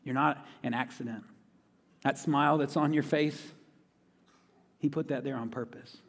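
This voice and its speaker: A man's voice: mid-range voice, steady tone, unhurried, gravelly, a bit bright. A man preaching a sermon in a conversational way, repeating key phrases for emphasis. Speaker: pastor. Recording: long reverb of a large hall.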